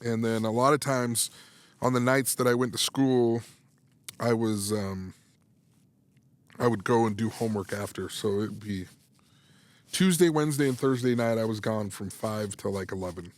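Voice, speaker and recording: A man's voice: fairly low pitch, normal speed, pauses often, no room sound. A man in his thirties, a sports psychology coach, telling a story in a casual podcast interview, restarting phrases and acting out dialogue as he goes. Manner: animated, restarts phrases, acts out quoted dialogue.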